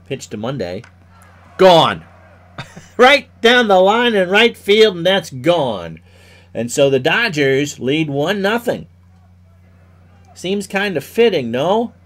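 A man doing solo play-by-play for a simulated baseball game. He sounds stuffy from sneezing, gets loud on big hits and drops low for side remarks. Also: big pitch swings, takes it slowly. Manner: rises loudly on hits, drops low for asides.

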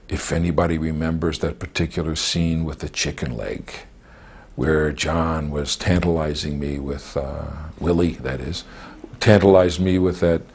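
A man, an actor, fondly recalling scenes with a colleague, with many pauses. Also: extremely low pitch, slightly rough. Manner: hesitant, fond. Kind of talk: anecdotal reminiscence.

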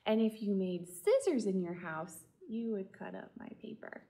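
A woman, a children's librarian, reading a picture book aloud and asking the children gentle questions. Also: mid-range voice, animated, moderate pace. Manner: gentle, talks directly to children. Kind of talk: storytime read-aloud.

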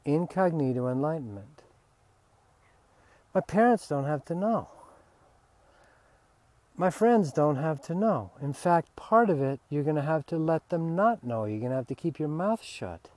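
A man, a spiritual teacher, giving a relaxed, candid talk and swearing freely. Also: a little high, unhurried, long pauses.

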